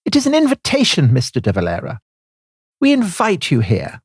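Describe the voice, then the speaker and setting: A prim young woman secretary reads her diary aloud in a lilting, raised voice and a put-on Clapham English accent, as a man puts her on. The reading swoops up and down with lively rises, and the sound is dry and close. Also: a little high, moderate pace, husky, no echo, pitched above the performer's own voice, exaggerated voice. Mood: fervent.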